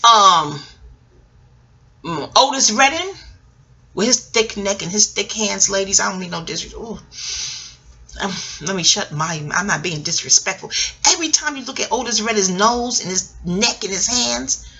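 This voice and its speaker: A woman's voice: mid-range voice, sharp tone. A middle-aged woman vlogging in a casual, rambling way, digressing, laughing often and swearing freely.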